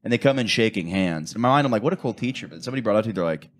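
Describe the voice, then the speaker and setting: A man's voice: fairly low pitch, lively intonation, very fast. A young man co-hosting a casual podcast chat, swearing freely and telling school stories while mimicking the people in them. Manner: profane, storytelling, mimics people in quotes. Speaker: podcast co-host.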